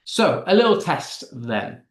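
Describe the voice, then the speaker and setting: A man's voice: fairly high pitch, sing-song, slow pace, echoey room. A man teaching an online class, reading chat answers aloud and explaining step by step with frequent fillers.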